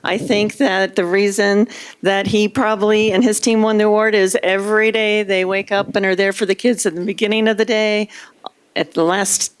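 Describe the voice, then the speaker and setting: A woman's voice: mid-range voice, smooth. A woman department director proudly praising a colleague's team at an award ceremony.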